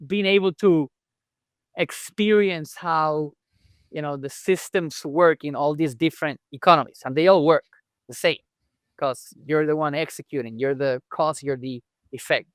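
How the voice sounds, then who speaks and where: A man's voice: on the high side, moderate pace, clear, resonant tone, no echo. A chiropractor guest telling his story in a conversational podcast interview, acting out remembered dialogue as he goes.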